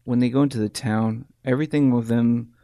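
A man's voice: medium pitch, fairly even intonation, brisk, vocal fry, warm tone, no room sound, studio quality. A man in a casual movie discussion, rambling loosely and swearing as he talks it over.

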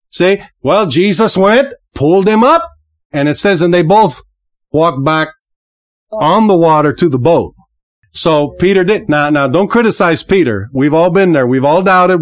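Fervent preacher with a lively, swinging voice. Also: mid-range voice. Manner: fervent, preaching with rising and falling emphasis and exclamations of praise; repeats words, laughs briefly. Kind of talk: podcast sermon.

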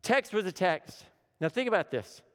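A man preaching a sermon with dramatic swings between urgent, loud lines and hushed, low ones, repeating phrases for emphasis. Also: expressive, moderate pace. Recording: long hall reverb.

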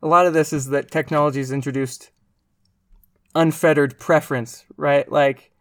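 A young man hosting a casual podcast discussion, thoughtful and halting, with many fillers and restarts. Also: a little high, fairly even intonation, a bit bright, no room sound, studio quality. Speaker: podcast host.

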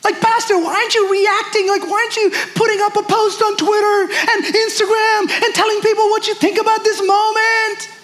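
A man's voice: very high voice, flat delivery, a little fast, few pauses, fairly bright tone, echoey room, pitched above the performer's own voice. A man voicing a panicking churchgoer who pleads breathlessly and keeps repeating "like". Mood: frantic. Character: frantic panicking churchgoer, whiny and high.

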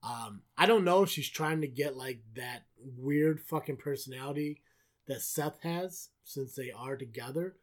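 A man's voice: medium pitch, measured pace. A man co-hosting a podcast, recapping wrestling in casual chat, swearing often and sarcastic. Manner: profane, sarcastic, rambling. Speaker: podcast co-host.

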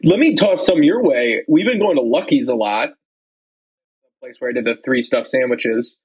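A man's voice: medium pitch, animated, moderate pace, breathy edge, dull audio. A young man co-hosting a casual chat, telling loose, rambling stories full of fillers. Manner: rambling storyteller, lots of likes and ums. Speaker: podcast co-host.

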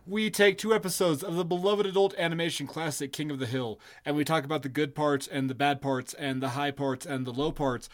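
A man's voice: fairly high pitch, fairly even intonation, fairly quick, hardly any pauses. A man co-hosting a casual podcast, joking and rambling with profanity. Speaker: podcast co-host.

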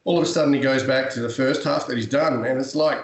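A man's voice: medium pitch, fairly even intonation, fast talker. A man in casual podcast chat, telling a story bluntly with swearing and dramatic flair. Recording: roomy echo.

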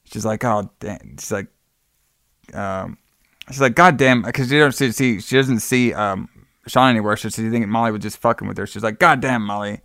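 A man's voice: fairly low pitch, steady tone, fairly quick, gravelly, fairly bright tone, no echo, studio quality. A man casually recapping a movie plot, rambling and swearing, acting out the characters' lines and laughing as he goes. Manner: rambling, profane, acts out quotes with laughs. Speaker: podcast co-host recapping a movie.

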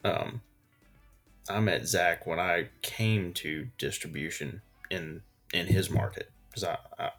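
Host, male, lowish voice, easygoing and rambling; soft music under. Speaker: podcast host. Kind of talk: casual chat.

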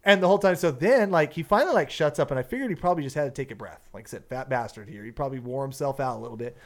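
A young man who works as a fishing guide, telling a story in casual podcast talk, animated and swearing freely. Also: medium pitch, very fast. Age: young adult. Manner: animated, swears often, acts out quotes.

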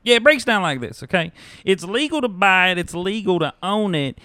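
Casting: man doing a crude, easygoing Southern-drawl hitman, high lively voice, dry sound. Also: fairly quick, no echo. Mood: laid-back. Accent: put-on American Southern. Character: laid-back male hitman, chatty, Southern drawl. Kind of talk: comedic script read-through.

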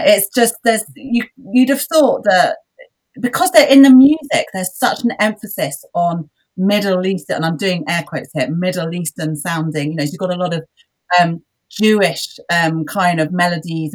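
A woman guest in a casual academic discussion, speaking in an opinionated, animated way. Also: lowish voice, rough recording. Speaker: podcast guest.

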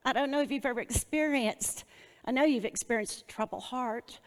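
High-voiced woman teaching the Bible. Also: normal speed, in a large hall. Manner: earnest, personal, with a shared testimony.

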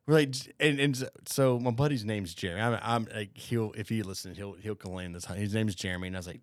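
A man's voice: fairly low pitch, fast, few pauses, no echo, studio quality. A young man hosting a podcast, telling a rambling, profane story in casual chat, full of fillers and restarts. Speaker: podcast host.

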